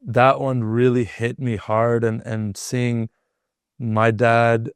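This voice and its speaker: A man's voice: mid-range voice, little pitch movement, slow pace, clean tone, no echo. A man from Canada hosting a podcast, telling a personal story in a loose, chatty way and filling his talk with "like.". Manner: loose and chatty, leans on filler "like". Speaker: podcast host. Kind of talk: casual conversational storytelling.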